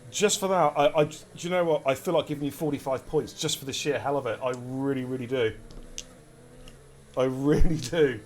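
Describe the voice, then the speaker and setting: An English man calls a sim race live, quick to get excited and chatty with his viewers. His voice sits at an ordinary pitch for a man. A faint hiss of noise runs under the stream. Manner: energetic, chatty, addresses chat directly. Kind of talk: live esports race commentary.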